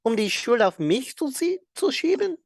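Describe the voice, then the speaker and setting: A man mimicking a whiny, high-pitched game character. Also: big pitch swings, normal speed, gravelly, exaggerated voice. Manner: exaggerated, playful mimicry.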